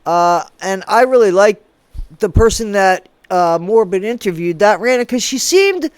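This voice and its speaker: A woman's voice: mid-range voice, expressive, measured pace, darkish tone, clear, resonant tone, no echo. A woman giving casual gossip commentary in a playful, rambling way, with sing-song asides. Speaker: commentary vlogger.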